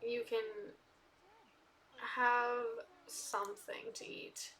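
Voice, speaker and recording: A young woman talks her way through a life-sim game, chatting to her characters and flaring into loud indignation. Her voice is bright and sits a little high. Soft keyboard and mouse clicks tick along behind her. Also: level tone, drawn-out words. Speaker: gaming video creator. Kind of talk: casual gameplay commentary.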